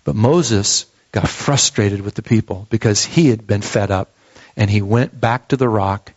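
A man's voice: lowish voice, measured pace. A man preaching a sermon, telling the story with earnest emphasis and some restarts. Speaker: pastor. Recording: dull lo-fi sound.

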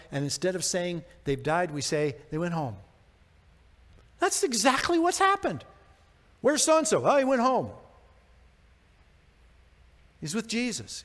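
Male pastor, high voice, conversational sermon delivery, long church-hall reverb. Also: fairly bright tone. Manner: conversational, self-deprecating preaching with rhetorical questions.

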